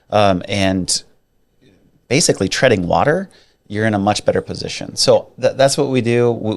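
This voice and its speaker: Playful, jokey male mortgage co-host. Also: fairly low pitch. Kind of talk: casual podcast chat.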